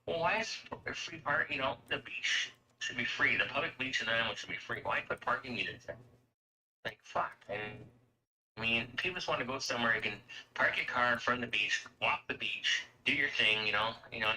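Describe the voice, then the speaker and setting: A man's voice: medium pitch, brisk, pushed and bright, a little hiss or hum, rough recording. A man from Canada chatting casually, rambling and swearing as he rants about everyday costs. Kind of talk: casual chat.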